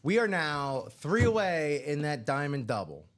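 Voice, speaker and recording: Playful co-host with a wildly swinging voice. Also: male voice, fairly high pitch, big pitch swings, a little slow. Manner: playful, joking. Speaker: co-host of live card breaks. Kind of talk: casual live-stream chat.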